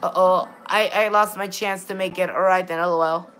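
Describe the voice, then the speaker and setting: A woman streaming a game chats casually with her viewers, often stammering, restarting, and saying "all right, then." Her voice is fairly low, with fairly even intonation, a moderate pace, and a fairly bright tone. Soft music plays in the background.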